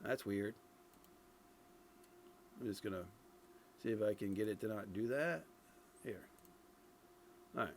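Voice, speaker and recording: A man's voice: on the low side, unhurried, pauses often, slight background noise. A middle-aged man from Ireland giving casual commentary on game footage, thinking aloud with many fillers and restarts. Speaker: streamer reviewing game dev footage.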